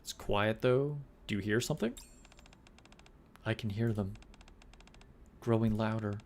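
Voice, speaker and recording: A man voicing a wary female fighter in a hushed, lowered voice, reading game dialogue aloud. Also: a little slow, slight background noise.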